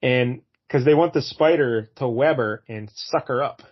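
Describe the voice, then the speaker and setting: A man co-hosting a casual podcast, recapping a comic's plot in a relaxed, wry way. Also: mid-range voice, moderate pace, highs cut off. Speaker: podcast co-host. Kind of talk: casual comic review chat.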